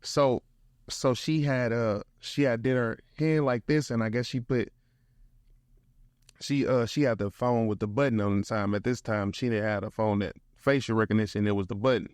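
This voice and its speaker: In a close, dry recording free of room echo, a young adult man from St. Louis, a motivational speaker appearing as a guest, spins a casual story. He sounds animated and slangy, keeps saying "bro," and talks at normal speed in a mid-range voice.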